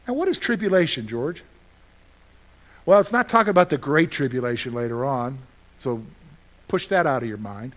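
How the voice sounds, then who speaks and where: A man preaching a sermon in a conversational way, asking his listeners questions and answering them himself, with lively storytelling. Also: medium pitch, moderate pace, long pauses. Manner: animated storytelling with sudden loud outbursts. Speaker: pastor.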